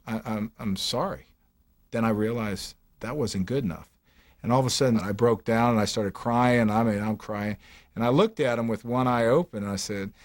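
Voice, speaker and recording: An older man, a former player, recounting his memories in an interview with animated, halting delivery and many fillers. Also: medium pitch. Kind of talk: interview storytelling.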